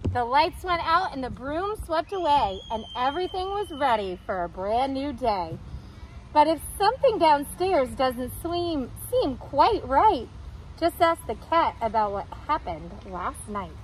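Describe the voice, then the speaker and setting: A woman teacher reading a picture book aloud to young children, expressive and playful, putting on voices for the characters. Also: sits high, a little slow, slight background noise, low-quality recording. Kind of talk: read-aloud storytime for children.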